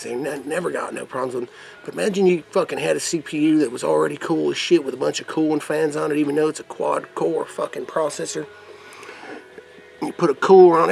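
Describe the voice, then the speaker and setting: Cussing redneck-act guy showing off vape gear, gravelly voice, faint music behind. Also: fairly high pitch. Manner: profane, crude, rambling; put-on rough redneck persona. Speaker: vape mod reviewer. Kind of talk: casual product demo vlog.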